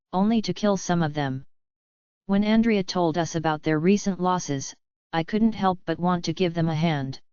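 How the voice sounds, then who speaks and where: Woman audiobook narrator, lowish, very clear, close dry sound. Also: a little mellow, no room sound. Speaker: audiobook reader. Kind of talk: scripted narration. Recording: dull lo-fi audiobook recording.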